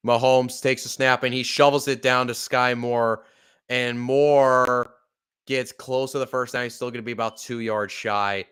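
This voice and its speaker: A man giving live fan play-by-play commentary as a podcast host, swearing and apologizing between excited play calls. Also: mid-range voice, measured pace, clear, resonant tone. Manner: swearing, apologetic and upset, bursts of excitement on plays.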